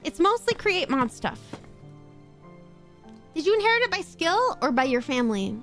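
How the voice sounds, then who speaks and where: Young Australian woman streamer, high voice, rambling chatty talk with casual swearing, faint music underneath. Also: sing-song, moderate pace, a bit bright. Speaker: VTuber streamer. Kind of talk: casual chat while gaming, reading chat aloud. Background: faint background music.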